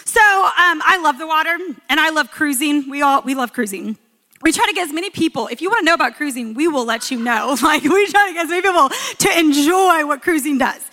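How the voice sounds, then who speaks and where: A woman in her thirties preaches with a high, bright voice that stands out clearly. She tells stories with a lot of expression and pushes her voice up when she wants to stress a point. Her voice rings out with the long reverb of a large hall. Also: fairly quick. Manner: storytelling, expressive, rising for emphasis. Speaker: guest speaker. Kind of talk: sermon.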